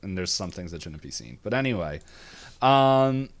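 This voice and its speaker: Male co-host, lowish voice, chatty and giggly, does funny voices for quotes. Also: sing-song, moderate pace. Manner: chatty, laughs often, acts out quotes in silly voices. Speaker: podcast co-host. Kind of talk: casual chat recapping a cartoon episode. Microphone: video call or webcam setup.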